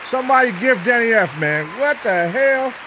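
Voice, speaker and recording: A man streaming live, reacting to clips and chatting loudly and profanely with his viewers. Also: very high-pitched, normal speed, a crowd in the background, noisy background. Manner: loud, excitable, profane, animated. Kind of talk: casual livestream chat.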